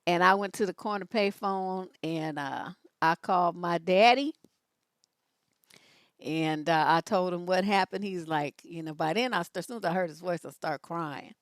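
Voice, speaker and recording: Middle-aged woman, advice host, sassy storyteller, animated pitch, dry sound. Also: normal speed, no room sound. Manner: lively, sassy storyteller, big pitch jumps when quoting herself. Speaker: relationship coach and advice host. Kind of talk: casual storytelling on a livestream.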